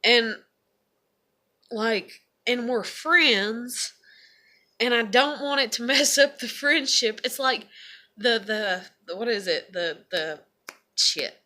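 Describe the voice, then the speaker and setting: A woman's voice: fairly high pitch, animated, slow, pauses often, sharp tone. Rambling, cursing woman vlogger. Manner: rambling, profane, many fillers. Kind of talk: casual confessional vlog.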